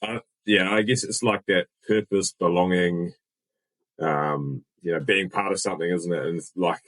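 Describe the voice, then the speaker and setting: A man hosting a casual interview, relaxed and hesitant. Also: sits low, moderate pace, rough recording. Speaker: podcast host.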